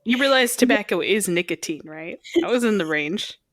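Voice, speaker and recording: A woman's voice: medium pitch, animated, normal speed, no room sound, clean studio sound. A young adult woman co-hosting a podcast in casual chat, teasing and arguing with her partner between giggles. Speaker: podcast co-host.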